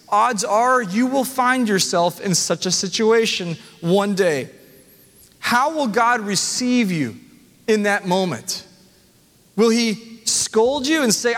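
A man preaching a sermon as pastor, earnest, with emphatic pauses. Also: sits high, a bit bright. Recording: long hall reverb.

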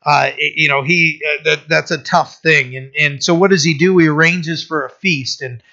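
A male pastor giving a conversational sermon, with many fillers and restarts, who slows down to read scripture aloud. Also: fairly high pitch, fairly even intonation, sharp tone, muffled recording. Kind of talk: sermon, informal Bible teaching.

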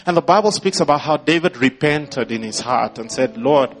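A man's voice: medium pitch, lively intonation, moderate pace, faint music behind. A man preaching a sermon as pastor, prompting the congregation and rising into emphatic bursts.

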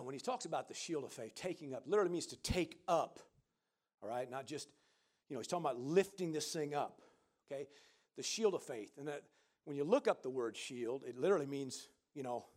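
A man preaching a sermon, emphatic and calling out to the congregation, building up to shouted exclamations. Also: mid-range voice. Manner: call-and-response.

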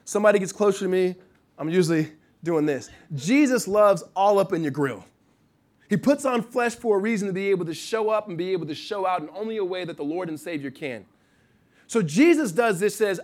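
A middle-aged man from the United States preaching a sermon in a conversational way, with restarts and asides, swinging from loud to hushed. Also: sits high, lively intonation, fairly quick. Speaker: pastor.

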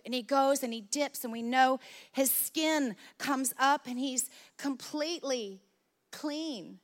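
A woman preaching a sermon, telling stories in a lively, conversational way. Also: sits high, a little slow.

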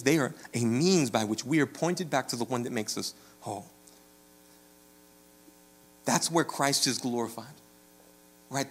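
Conversational male pastor preaching. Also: mid-range voice. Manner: conversational, rising to animated storytelling with frequent "right?". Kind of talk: sermon.

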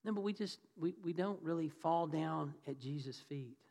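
A man's voice: fairly high pitch, moderate pace, creaky, darkish tone. A man preaching a conversational sermon in church, asking the congregation questions and acting out the voices of the people in his story. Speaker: pastor. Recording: reverberant church hall.

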